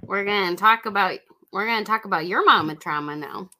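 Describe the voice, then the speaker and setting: A woman's voice: medium pitch, fairly quick, bright, forceful tone. A woman from the American Midwest, co-hosting a casual podcast and reading tarot, laid-back and swearing casually. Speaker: podcast co-host, tarot reader. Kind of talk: casual chat.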